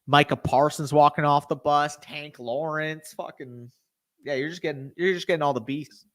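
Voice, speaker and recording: Excitable young man hosting a live stream. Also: a little high, normal speed. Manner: excitable, swears freely, talks to chat. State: tired, hiccuping. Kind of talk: casual live-stream commentary.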